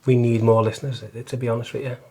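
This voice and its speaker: Middle-aged scouse guy, pretty monotone, earnest, keeps restarting his sentences. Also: medium pitch. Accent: Liverpool. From Liverpool, England. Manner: earnest, halting, repeats words. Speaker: guest, taxi driver and volunteer listener. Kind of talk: casual testimony interview.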